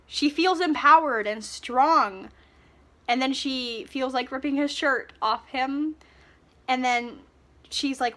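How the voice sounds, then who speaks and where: A woman giving a ranting book review, retelling scenes in an animated, sarcastic way and swearing freely. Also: sits high, measured pace, long pauses.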